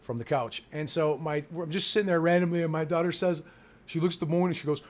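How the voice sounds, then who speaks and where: A man's voice: on the high side, fast talker. A man hosting a casual stock market livestream, joking and swearing as he talks about his trades and his family. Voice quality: profane, joking, loud bursts of laughter. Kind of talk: casual trading livestream chat.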